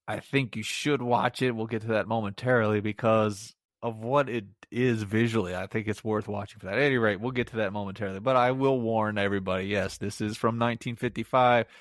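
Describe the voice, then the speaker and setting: A man's voice: mid-range voice, dry recording, studio quality. A middle-aged man giving a casual solo movie review on a podcast, rambling and sarcastic, laughing at his own jokes.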